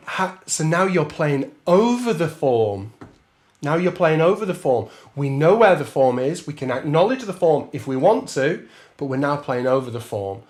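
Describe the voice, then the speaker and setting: Chatty trombone teacher scatting. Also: male voice, fairly high pitch, very animated, measured pace. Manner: chatty, laughs often, scats rhythms while counting. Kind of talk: masterclass talk with sung counting.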